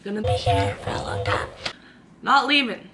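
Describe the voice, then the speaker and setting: A woman's voice: mid-range voice, huge pitch swings, normal speed, a crowd in the background. A young woman vlogging from her own room, telling a dramatic story in a chatty way and acting out the quotes. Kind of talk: storytime vlog.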